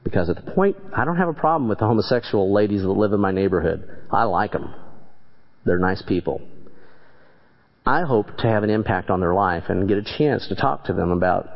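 A man preaches in a low-pitched voice, plainspoken and earnest. The recording is dull and lo-fi, like an old church tape. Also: gravelly. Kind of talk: sermon with congregation questions.

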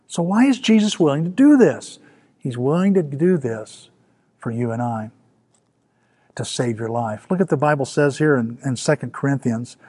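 A middle-aged man preaching a sermon as pastor, dropping to soft, quiet lines and rising for emphasis. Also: mid-range voice.

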